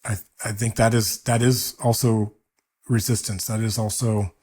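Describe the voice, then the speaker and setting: A man's voice: fairly low pitch, flat delivery, normal speed, breathy edge. A man in his forties hosting a podcast, talking earnestly in a casual interview and hyping up the sign-off. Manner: earnest, warm praise with playful hype at the close. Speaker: podcast host.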